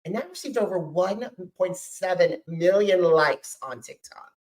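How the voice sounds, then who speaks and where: A man's voice: high voice, lively intonation, unhurried, darkish tone, low-quality recording. A man hosting a podcast interview, eager and admiring, with many fillers as he asks his questions. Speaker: podcast host. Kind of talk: casual interview.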